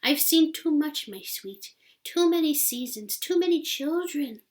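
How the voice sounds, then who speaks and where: A woman voicing a weary old woman in a storybook reading, speaking in a hoarse, tearful whisper. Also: high voice, lively intonation, a little slow, darkish tone, pitched above the performer's own voice. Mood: sorrowful whisper. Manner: breathy whispering, tearful pleading.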